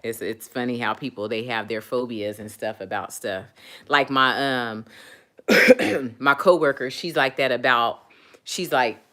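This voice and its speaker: Casual chat regular, middle pitch, rambly, lots of ums and restarts. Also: measured pace, pushed and bright, dry recording. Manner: rambling, with many fillers and restarts. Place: lives in San Diego.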